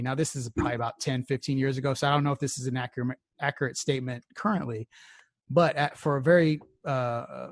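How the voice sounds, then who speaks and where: A man's voice: mid-range voice, dry recording, clean studio sound. A man from the Houston area co-hosting a podcast, telling rambling stories in casual, profane chat with frequent laughs. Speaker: podcast co-host.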